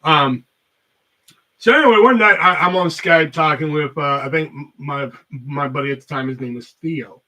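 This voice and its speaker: A man's voice: fairly high pitch, moderate pace, sharp tone, distant mic, rough recording. A man hosting a podcast, telling a rambling story in casual talk full of swearing. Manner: rambling, heavy cursing. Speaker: podcast host.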